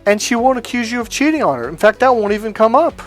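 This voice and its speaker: A middle-aged man teaching dating advice in a casual, blunt way, swearing often and telling animated stories. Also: very high-pitched, fast, soft background music. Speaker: dating coach. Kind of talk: casual spoken lesson.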